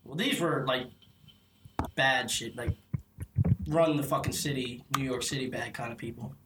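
A man's voice: medium pitch, moderate pace. A man co-hosting a podcast, telling crude stories in casual banter with plenty of swearing. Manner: loud, crude, swearing, storytelling. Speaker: podcast co-host. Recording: distant, echoey, noisy.

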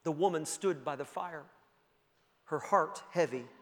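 A pastor preaching a sermon and telling a story, earnest and building to emphatic peaks. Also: male voice, on the high side, unhurried, a bit bright. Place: church sanctuary. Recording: long church-hall reverb.

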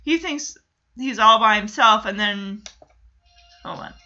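A woman giving a chatty, casual episode recap, quick to react and mock, on a dull lo-fi recording. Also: mid-range voice, pushed and bright. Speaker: show recapper. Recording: dull lo-fi sound.

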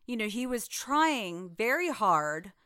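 Smooth-voiced woman co-hosting a podcast. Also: fairly high pitch, sing-song, slow pace, bright, forceful tone. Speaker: podcast co-host. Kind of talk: casual chat.

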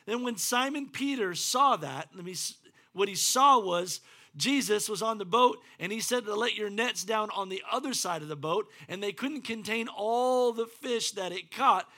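A man preaching a sermon as pastor, animated and acting out the scripture quotes in varied voices. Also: high-pitched. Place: church.

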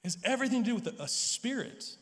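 A man's voice: very high voice, lively intonation, fast talker, fairly bright tone, big-room sound. A pastor preaching an earnest sermon in a church, often repeating words as he starts a thought. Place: church sanctuary.

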